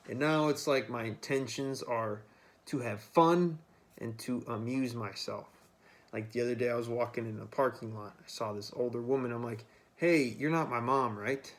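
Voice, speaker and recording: A man's voice: mid-range voice, moderate pace. A man vlogging in a loose, rambling monologue, swearing freely as he talks. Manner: rambling, profane, freewheeling. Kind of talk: casual monologue to camera.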